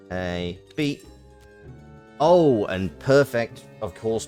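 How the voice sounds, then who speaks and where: Low slow guy streaming a game, mumbling through steps, soft music in the background. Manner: muttering to himself while working through steps. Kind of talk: casual let's-play commentary.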